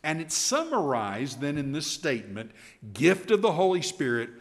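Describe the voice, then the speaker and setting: A man teaching an evening Bible class, animated and emphatic, often restarting his sentences. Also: on the high side, moderate pace. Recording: long hall reverb.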